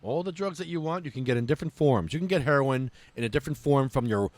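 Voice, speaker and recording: Profane ranting man, lively pitch. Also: fast, dry recording. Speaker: podcast host. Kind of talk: casual podcast chat.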